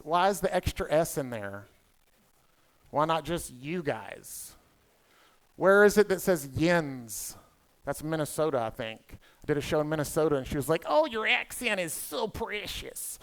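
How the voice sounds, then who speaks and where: A man in his fifties with a Southern US accent, emceeing a conference as a comedian with quick, playful crowd work. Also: a little high, smooth. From South Carolina. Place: conference hall stage.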